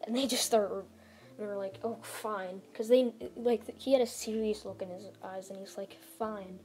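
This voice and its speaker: A woman's voice: mid-range voice, fairly even intonation, moderate pace, a little mellow. A woman casually retelling a fan-made story, rambling with lots of "like" and restarts.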